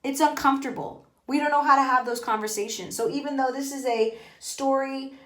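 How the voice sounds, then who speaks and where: A woman talks through a book in a loose, rambling stream of thought, landing hard on her points and swearing freely. Her voice sits a little high for a woman. The sound bounces around a tiled bathroom. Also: steady tone, brisk, a bit bright, echoey room. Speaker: podcast host. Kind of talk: casual book talk. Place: bathroom, in a bathtub.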